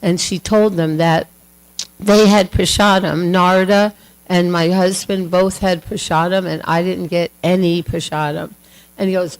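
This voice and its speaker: A woman's voice: on the low side, steady tone, measured pace, rough recording. A woman telling a devotional story to a class in a chatty, casual way with many fillers, acting out the voices. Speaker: class speaker.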